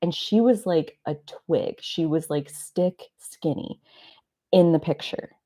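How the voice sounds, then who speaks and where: A woman's voice: on the low side, slow, warm tone. A woman in her thirties hosting a live stream, telling personal stories in a rambling, confessional way. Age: 30s. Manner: rambling, confessional, many "like" fillers. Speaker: astrology live stream host. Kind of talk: reflective personal storytelling. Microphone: live stream mic.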